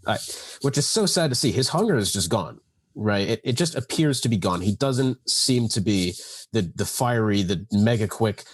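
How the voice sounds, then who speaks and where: A man's voice: on the low side, lively intonation, normal speed, slightly rough, no room sound. A nineteen-year-old man as guest co-host on a casual podcast, emphatic and opinionated. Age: teens. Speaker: guest co-host, race commentator. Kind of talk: casual chat.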